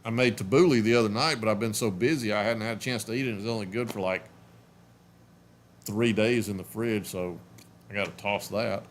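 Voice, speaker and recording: Man in his forties, sleepy and yawning, casual home live stream, lowish voice, faint hiss. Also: brisk. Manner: rambling, self-interrupting, chatty.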